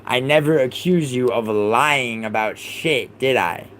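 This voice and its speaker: A young man hosting a livestream, arguing heatedly with his chat, exasperated and swearing in rapid outbursts. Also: medium pitch, a bit bright, slight background noise, low-quality recording. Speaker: livestream host.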